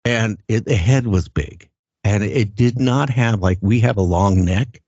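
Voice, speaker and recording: An older man telling his story in a halting, earnest way, often repeating words as he goes. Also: lowish voice, warm tone, dry recording. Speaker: guest recounting an encounter. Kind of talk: casual first-person storytelling. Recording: dull lo-fi sound.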